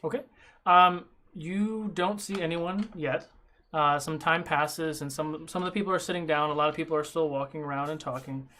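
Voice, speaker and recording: Bright-voiced man running a tabletop game. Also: on the high side, fairly even intonation, normal speed. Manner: rambling, with many fillers and restarts. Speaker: game master.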